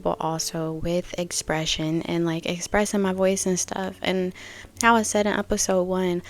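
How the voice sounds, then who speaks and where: Young woman, low voice with lots of vocal fry, rambling reflective spiritual talk. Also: a little mellow. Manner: casual, musing, thinks aloud with many fillers. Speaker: podcast host.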